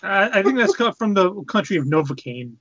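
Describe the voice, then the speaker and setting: A man's voice: sits high, sing-song, a little fast, fairly bright tone, no room sound, muffled recording. A man in a casual group chat, tossing out playful wisecracks.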